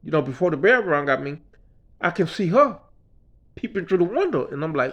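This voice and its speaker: A man telling a personal story in a quiet, low-key way, often dropping to a mutter and swearing freely. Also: sing-song, fairly quick, long pauses, lo-fi sound. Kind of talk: personal story told casually.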